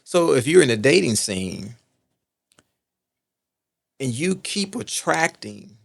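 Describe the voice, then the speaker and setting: Taking his time, a middle-aged Texas man speaks in a sing-song, mid-range voice touched with vocal fry. As a guest on a casual podcast, he recounts personal stories earnestly, repeats himself for emphasis, and asks "right?" along the way.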